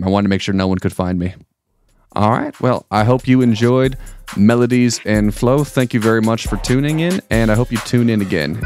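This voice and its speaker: A young comedian giving casual, wry closing remarks. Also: male voice, fairly low pitch, darkish tone, smooth, no echo. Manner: wry, offhand.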